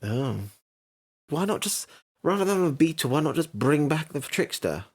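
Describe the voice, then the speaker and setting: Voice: mid-range voice, big pitch swings, normal speed, slightly rough. A podcast co-host in casual chat, blunt, opinionated and given to swearing. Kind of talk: casual chat reviewing an episode.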